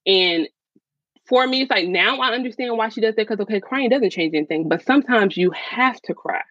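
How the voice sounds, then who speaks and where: A woman's voice: a little high, a little fast, a bit bright, no echo. Frank woman guest telling her story. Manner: frank, casual talk with many fillers. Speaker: podcast guest. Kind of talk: personal storytelling interview. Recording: slightly dull, dry sound.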